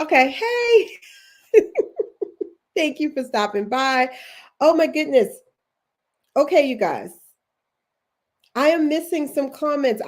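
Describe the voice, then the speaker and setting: A woman's voice: sits high, darkish tone. A middle-aged woman with a Baltimore accent, hosting a livestream as a career coach, chatty and encouraging, reading viewer comments aloud.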